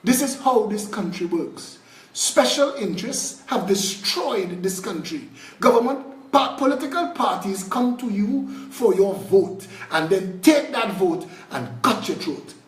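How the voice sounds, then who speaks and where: A fiery Trinidadian man delivers a political speech in a high-pitched voice, swinging from shouts down to low mutters. He sounds set back from the mic in a roomy, echoey space. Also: animated, unhurried, far from the mic. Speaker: political party leader. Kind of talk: impassioned live video address.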